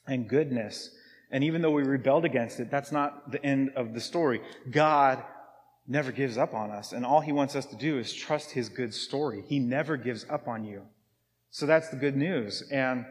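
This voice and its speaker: A man's voice: mid-range voice, long reverb tail. A man giving a conversational sermon as pastor, who asks pointed questions and rises into emphatic peaks. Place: church.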